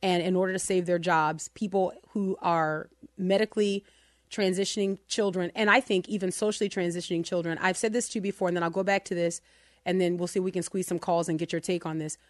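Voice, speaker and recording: A woman's voice: lowish voice, fairly even intonation, fast, no room sound, studio quality. A woman hosting a Christian radio talk show, talking in a passionate, emotional and emphatic way.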